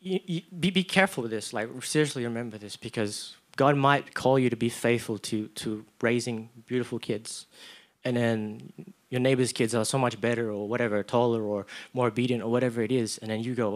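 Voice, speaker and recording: A man's voice: medium pitch, normal speed. A young man preaching a sermon in a church, telling stories animatedly and acting out the voices of the people in them. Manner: animated storytelling, acts out voices. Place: church, live stream.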